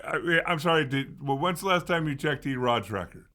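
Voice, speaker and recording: A man co-hosting a sports talk show, answering a heated partner in a calm, teasing, reasoned way. His voice sits a little high and sounds bright and forward. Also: normal speed. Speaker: sports radio co-host.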